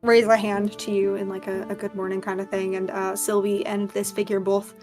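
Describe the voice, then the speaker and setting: A woman's voice: mid-range voice, level tone, brisk, a little mellow, soft background music. A woman narrating a tabletop game as game master, rambling with many fillers.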